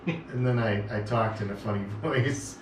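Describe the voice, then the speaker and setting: A man's voice: lowish voice, little pitch movement, normal speed, roomy sound, distant mic, slight background noise. A man co-hosting a local radio talk show, joking and laughing a lot as he banters with his co-host and guest. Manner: jokey, laughs often. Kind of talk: casual banter. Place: radio studio.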